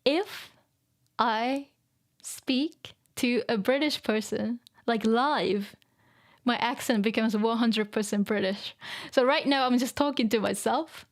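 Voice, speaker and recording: A woman's voice: a little high, slow pace. A woman whose first language is Japanese, chatting casually on a live stream, reading out viewer comments, laughing often and using many fillers.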